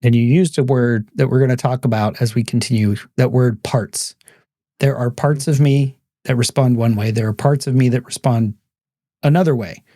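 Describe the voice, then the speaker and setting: Mellow, dry-voiced male podcast host. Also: mid-range voice, steady tone, moderate pace, no room sound. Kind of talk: movie discussion podcast.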